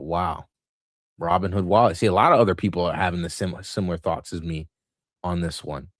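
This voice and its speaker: A man with a very low, deep voice talks through a market livestream in a loose, rambling way, full of fillers and restarts. The sound is dry and close, with hardly any room around it. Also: no room sound. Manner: rambling, thinks aloud with many fillers and restarts. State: has the hiccups. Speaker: livestream host. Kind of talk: casual market commentary livestream.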